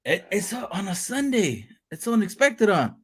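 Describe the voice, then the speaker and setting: A man chats casually on his livestream, swearing, joking and laughing in an animated way. His voice is high-pitched with a breathy edge, and his pace is moderate.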